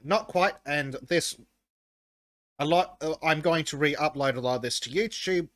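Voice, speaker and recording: A man's voice: on the high side, measured pace, fairly bright tone. A man hosting a podcast in casual chat, blunt and profane as he reads chat comments aloud. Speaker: podcast host.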